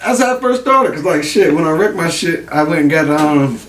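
A man's voice: on the high side, lively intonation, a little fast, a bit bright, slight background noise. A man chatting casually, telling rambling stories, laughing often and swearing a lot. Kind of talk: casual chat.

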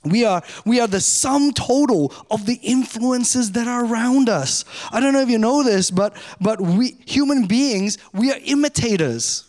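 A middle-aged man, a pastor, giving a sermon in a conversational, self-mocking way, speeding up and slowing down often. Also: very high-pitched, expressive, darkish tone. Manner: conversational, self-mocking, varies pace a lot.

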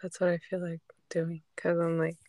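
A woman's voice: lowish voice, completely flat delivery, normal speed, darkish tone. A woman co-hosting a podcast in casual chat, telling a story with laughs and whispered asides. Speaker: podcast co-host.

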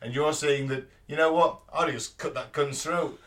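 A man's voice: a little high, fairly even intonation, a bit bright. A man from England co-hosting a casual podcast chat, opinionated and swearing freely. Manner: sweary, opinionated, quick to laugh. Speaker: podcast co-host. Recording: voice a bit far from the mic.

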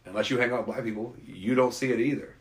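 A man's voice: medium pitch, steady tone, fast talker. A man talking casually in a rambling, opinionated way, like a podcast host. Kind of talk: casual conversation. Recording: roomy echo.

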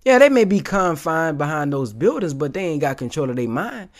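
A man's voice: a little high, sing-song, brisk. Emphatic slangy man commenting on clips. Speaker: video commentator. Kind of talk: casual motivational commentary.

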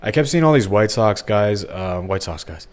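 A man's voice: on the low side, expressive, moderate pace. A young man from the St. Louis area, talking casually and rambling on a solo podcast, with lots of fillers and restarts. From Missouri, St. Louis area. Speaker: podcast host.

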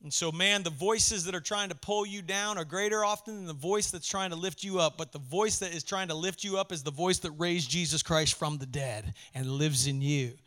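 A male pastor preaching a sermon in a conversational, passionate way, swinging from hushed lines to emphatic ones. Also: on the high side, normal speed, few pauses.

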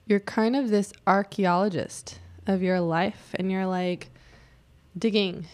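A woman's voice: mid-range voice, fairly even intonation, slow. A woman artist talking casually in an interview, reflective and rambling, with frequent fillers. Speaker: artist guest.

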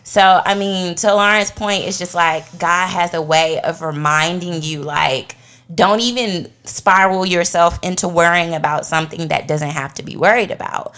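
A woman co-hosting a faith podcast, telling a personal story with lively acted-out quotes. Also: lowish voice, normal speed. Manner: animated storytelling, acts out quotes. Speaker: podcast co-host.

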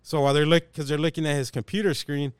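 A man's voice: a little high, fairly even intonation, fast talker, smooth, no echo, studio quality. A young man hosting a casual podcast chat, animatedly telling a story in slangy, profane talk and acting out the people in it.

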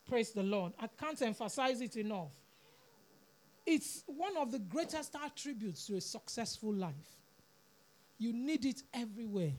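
A woman preaching a sermon, earnest and pleading, repeating words for emphasis. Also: fairly high pitch.

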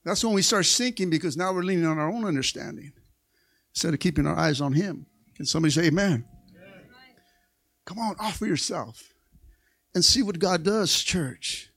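Preacher guy with a bright sharp voice, keeps asking for amens, gets shouty. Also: on the high side, moderate pace, long pauses. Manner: call-and-response preaching, asks for amens; excitable, rising to shouts. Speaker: pastor. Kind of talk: Pentecostal sermon. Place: church sanctuary.

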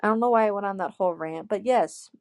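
A woman in her twenties telling a personal story in casual chat, animated, acting out quotes and saying "like" a lot. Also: medium pitch, fast, gravelly, no echo. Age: 20s.

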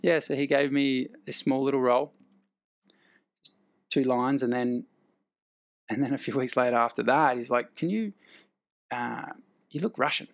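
An Australian man with a gravelly, fry-edged voice at an ordinary middle pitch. He tells his stories casually and slips into the voices of the people he quotes. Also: normal speed, long pauses. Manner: animated, acts out quoted dialogue, laughs between lines. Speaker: actor and guest. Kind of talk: casual storytelling.

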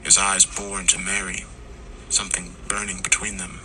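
A man reading a scripted horror story in slow, hushed tones, sometimes dropping to a whisper. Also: deep voice, little pitch movement, a little hiss or hum, rough recording. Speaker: narrator.

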